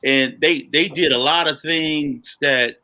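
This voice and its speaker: Speaking slowly in a slightly high, bright and forceful voice, a man co-hosts a podcast. He tells stories in a relaxed, animated conversation, frequently saying "you know what I'm saying."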